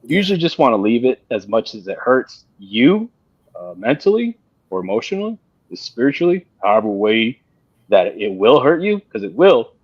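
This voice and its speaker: A man talking on a panel in a casual discussion, halting and repeating himself with many fillers. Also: mid-range voice, very animated, slightly rough, dry recording. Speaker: panel guest. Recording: dull dry lo-fi sound.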